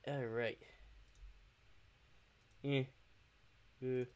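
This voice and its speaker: A man's voice: medium pitch, level tone, extremely slow, darkish tone, smooth. A man co-hosting a casual podcast, laid-back, musing and joking. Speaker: podcast co-host. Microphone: computer mic on voice chat.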